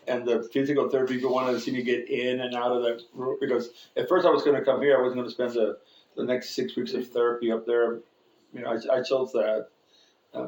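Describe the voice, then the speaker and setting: A pastor with a mid-range, somewhat mellow voice delivers a sermon built around funny stories about himself, chuckling as he jokes along. It's recorded in an echoey church sanctuary.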